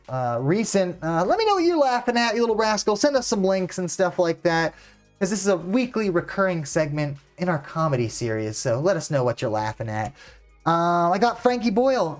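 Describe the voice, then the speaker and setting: An American man hosting a reaction video, chatting casually in a laid-back way with lots of fillers. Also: sits high. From United States.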